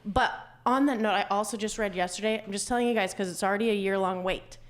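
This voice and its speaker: A woman's voice: mid-range voice, fast. A woman co-hosting a podcast in casual chat, talking freely and laughing often. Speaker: podcast co-host.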